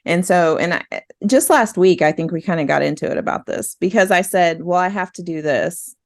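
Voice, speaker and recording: A woman's voice: on the low side, moderate pace, vocal fry, no room sound, clean studio sound. A middle-aged woman, a store owner, talking in a rambling, emotional way with frequent laughs. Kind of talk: casual conversation.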